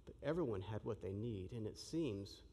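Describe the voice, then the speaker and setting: A man preaching a sermon in an animated, joking way, acting out the shouting crowd as he tells the story. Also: lowish voice, moderate pace, slightly rough. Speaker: pastor. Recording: long reverb of a large hall.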